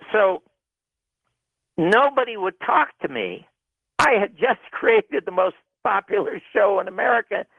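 Man storyteller, gravel in the voice, somewhat high, tinny phone-line radio sound, dry. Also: no room sound. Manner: animated storyteller, shouting out quoted arguments. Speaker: television producer telling his story. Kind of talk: recounting a story in an interview.

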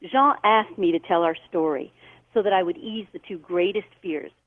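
Woman guest, expressive storyteller, acts out quoted voices, dry tinny phone line. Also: fairly low pitch, normal speed, dry recording. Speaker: guest author. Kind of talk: storytelling on a call-in show.

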